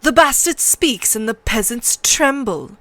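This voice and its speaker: A woman voicing a cruel, mocking middle-aged male master-at-arms with a sharp, cold voice, in a book reading. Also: a little high, very animated, a little slow, no room sound. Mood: sneering.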